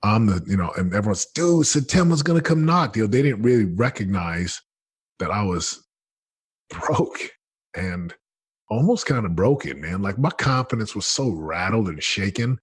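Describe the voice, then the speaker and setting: A man in his thirties telling his story as a podcast guest, earnest and animated, often acting out what he said. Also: lowish voice, moderate pace, breathy edge, no room sound, clean studio sound. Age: 30s. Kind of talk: candid storytelling.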